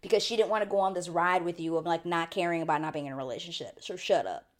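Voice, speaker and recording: A woman recapping a reality show in casual chat, animated and laughing, slipping into quick voices when quoting people. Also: fairly low pitch. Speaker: TV recap host.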